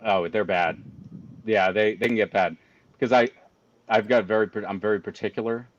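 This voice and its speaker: A man's voice: lowish voice, steady tone, normal speed, no room sound, dull audio. A man telling a story in a casual chat, ranting with exasperated exaggeration. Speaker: guest cigar company representative.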